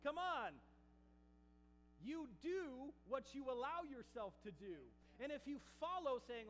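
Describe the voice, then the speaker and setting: A man's voice: extremely high pitch, very animated, normal speed, fairly bright tone, long reverb tail, slight background noise, rough recording. A male pastor preaching a sermon, emphatic and full of call-outs to the congregation.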